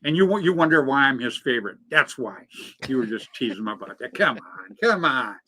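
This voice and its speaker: A man's voice: mid-range voice, lively intonation, brisk, sharp tone. A middle-aged man co-hosting a live talk show in casual, jokey banter. He rambles and laughs easily. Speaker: co-host of a live paintball show.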